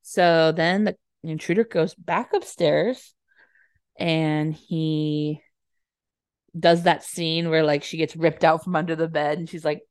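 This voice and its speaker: A young woman chatting casually, retelling a movie plot with lots of laughs and quick acted-out lines. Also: fairly low pitch. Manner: giggly, acts out lines in quick voices. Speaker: podcast co-host.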